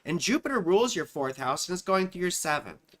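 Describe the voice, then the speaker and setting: A woman's voice: on the low side, big pitch swings, a little fast. A woman astrologer hosting a live stream, reading viewers' charts in a chatty, affectionate way and calling them sweetheart and darling. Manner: thinks aloud while searching for charts.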